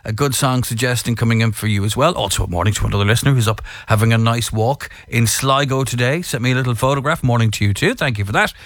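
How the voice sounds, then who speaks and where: An Irish man hosts a morning radio show, chatty and brisk as he greets listeners and runs through the sports news. His voice sits in an ordinary middle pitch. The studio sound is close and dry. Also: no room sound. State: out of breath. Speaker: radio presenter. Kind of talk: breakfast radio chat and sports headlines.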